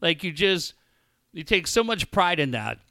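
A man's voice: on the high side, a little slow, dry recording, studio quality. A man in his forties hosting a talk show, telling stories in casual chat and acting out quoted dialogue. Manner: storytelling with animated quoted dialogue. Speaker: radio show host.

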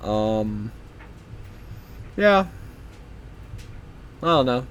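A man's voice: on the high side, animated, slow, long pauses, slight background noise. Rambling, foul-mouthed young male podcaster. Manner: rambling, profane, offhand. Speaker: podcast host.

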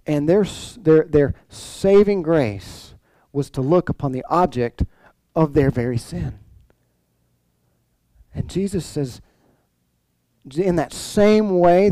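Man preaching a conversational sermon, mellow voice. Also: fairly high pitch, no room sound, low-quality recording. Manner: conversational preaching with many restarts and rhetorical questions. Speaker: pastor.

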